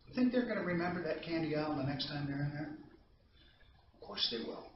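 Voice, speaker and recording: A man's voice: fairly high pitch, expressive, brisk, noisy background. A man giving an anger management training to a live audience, telling stories in a conversational way and asking the audience questions. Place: training room. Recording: distant echoey room recording, dull sound.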